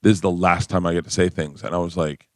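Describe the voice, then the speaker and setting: A comedian in his fifties telling stories as a guest on a radio show, acting out quotes with a shrill voice. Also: fairly even intonation, fast, no room sound, studio quality. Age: 50s. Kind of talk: casual storytelling chat. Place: radio studio.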